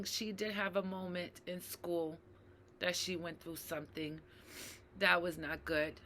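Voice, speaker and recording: A woman talking earnestly to her viewers, reflective and slow to repeat key phrases, often checking in with "right?" and addressing them as "you guys". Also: medium pitch, sharp tone, a little hiss or hum. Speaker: mental health advocate. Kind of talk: personal talk to camera.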